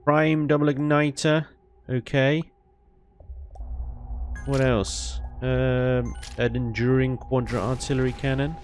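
A man giving casual, animated commentary on his gameplay, ranting and laughing with mild swearing. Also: medium pitch, takes it slowly, pauses often, clear, resonant tone. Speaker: gaming YouTuber.

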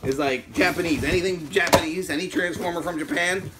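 A man hosting an unboxing vlog, exclaiming loudly over fan mail and swinging between shouts and muttered asides. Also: on the high side, a little fast, heavy background noise.

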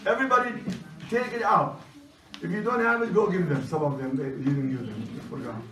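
A man whose first language is Chaldean Aramaic teaches a class in a brisk, commanding way and repeats his instructions. His voice sits fairly high. He is heard from a distance in an echoing classroom with faint noise behind him. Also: fairly bright tone. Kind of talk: classroom lecture. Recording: roomy, distant classroom recording.

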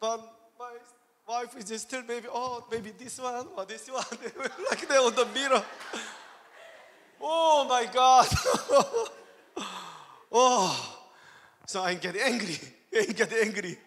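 A man's voice: very high-pitched, a little slow, a bit bright. A man with a Korean accent, speaking English as a second language, preaches as a guest pastor, telling a personal story, acting out his own quoted lines and laughing often. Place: church hall. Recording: long church hall reverb.

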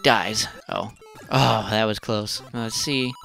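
Profane, frustrated low-voiced man gaming. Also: fairly even intonation, slow pace, vocal fry, music in the background. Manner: profane, frustrated muttering with sudden outbursts. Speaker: gaming channel host. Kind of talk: casual gameplay commentary.

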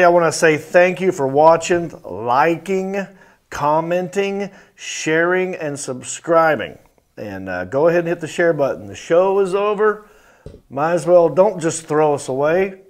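A man's voice: a little high, lively intonation. Playful male comedy podcast host. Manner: playful, mock-indignant, drawn-out sign-offs. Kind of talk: casual comedy podcast chat.

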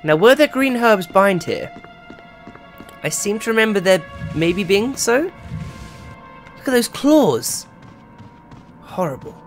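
A streamer narrating a horror game live, talking straight to the chat in a chatty, wandering way. The voice swings widely in pitch, dropping low and mumbly when calm and jumping to loud yelps when something attacks. Faint game music plays underneath. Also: slow pace, pauses often. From England. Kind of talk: live gameplay commentary.

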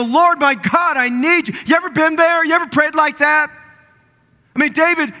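High-voiced pastor preaching in a church hall. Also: male voice, pushed and bright. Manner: preaching with rising fervor, repeating phrases for emphasis. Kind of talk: sermon. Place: church sanctuary.

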